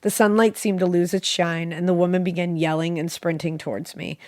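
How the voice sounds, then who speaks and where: A woman with a sick voice reading a listener's dream story aloud as a podcast co-host, animated and joking. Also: lowish voice, brisk, dry recording, clean studio sound. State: sick, voice a little off.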